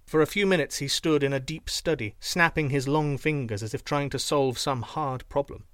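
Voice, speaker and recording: A man reading a children's fairy tale aloud, expressive and shifting voices for each character. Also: a little high, normal speed, few pauses, dry recording, studio quality. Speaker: storyteller.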